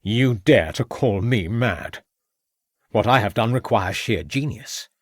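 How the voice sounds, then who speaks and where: A man's voice: lowish voice, lively intonation, slow, no room sound, clean studio sound. A man voicing a scheming murderous villain who talks in a sneering, gloating way. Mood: menacing.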